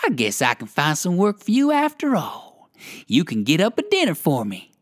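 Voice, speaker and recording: A storyteller voicing a savage, greedy male wolf in a children's story, speaking gruffly with a growl. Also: mid-range voice, huge pitch swings, moderate pace. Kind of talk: storybook character voice.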